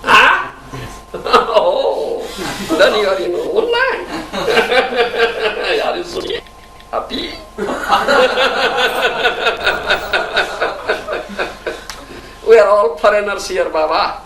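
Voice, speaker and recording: High-pitched, lively man lecturing. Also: extremely slow, pauses often. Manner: keeps asking "you understand?", chuckles often, emphatic. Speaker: spiritual teacher. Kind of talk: devotional lecture. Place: temple hall. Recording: echoey hall, distant mic, faint hiss.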